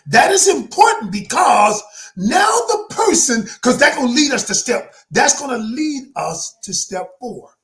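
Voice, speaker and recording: A man speaking as a communication coach, teaching in an emphatic, preacher-like motivational style, often raising his voice. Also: very high-pitched.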